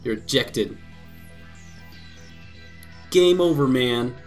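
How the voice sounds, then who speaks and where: A man's voice: mid-range voice, very animated, fairly quick, soft background music, close to an everyday voice. A man voicing a brash, hotheaded young father in a dating game, switching between goofy singsong and snapping.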